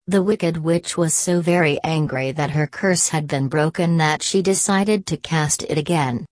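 Low-voiced woman reading a fairy tale. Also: darkish tone, dry recording. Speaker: storyteller. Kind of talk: scripted fairy tale narration.

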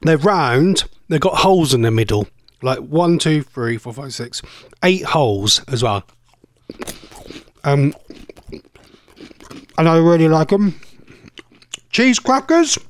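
A man's voice: fairly high pitch, no echo. A man presenting a chatty live radio quiz, thinking aloud and sounding playfully exasperated. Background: music bed.

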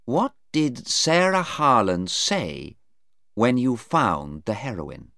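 A man's voice: medium pitch, big pitch swings, slow pace, gravelly, a bit bright, no echo, studio quality, pitched above the performer's own voice, heavily acted. A man reading aloud voices a probing male defence lawyer, pressing his questions home. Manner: pointed, insistent questioning. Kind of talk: read-aloud storybook dialogue.

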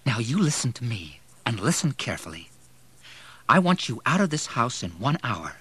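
A man voicing a furious, grieving young man who shouts and threatens. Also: medium pitch, very animated, moderate pace, breathy edge, pitched above the performer's own voice, heavily acted. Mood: cold threatening. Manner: shouting through rage.

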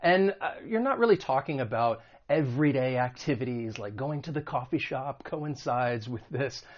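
This online English vocabulary lesson comes from an American man who says each example word slowly and carefully with stress. His medium pitch carries lively intonation, though the audio is dull.

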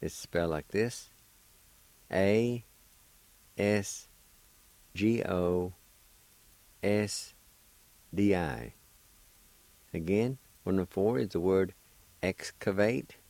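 A man hosting a radio language lesson, spelling out each word and repeating it slowly and deliberately, with gentle encouragement for beginners. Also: deep voice, no room sound, low-quality recording. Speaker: radio host teaching a language.

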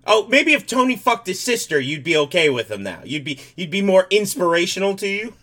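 A man co-hosting a comedy podcast with a bright, forceful voice pitched a little high. He talks loudly and swears freely, laughing through his own jokes. His delivery is brash and teasing. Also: big pitch swings, brisk, few pauses. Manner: loud, profane, laughs often. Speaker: podcast co-host. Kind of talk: casual comedic chat.

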